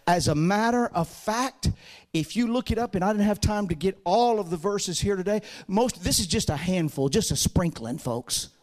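A male pastor with a notably high voice delivers a sermon. He quotes scripture at length, climbing to shouted emphasis and then dropping to low, quiet lines. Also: expressive, moderate pace.

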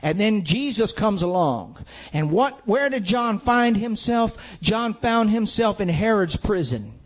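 A man with a notably high voice delivers a sermon. He preaches with emphasis, repeating phrases and asking rhetorical questions as he builds each point. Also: very animated, unhurried.

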